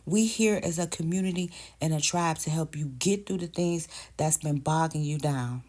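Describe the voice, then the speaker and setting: A woman past thirty-five talks straight into her phone, emphatic and conversational. Her voice sits on the low side. She calls her listeners baby and sis. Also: brisk, few pauses, darkish tone. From United States. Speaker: vlogger. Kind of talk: direct-to-camera rant.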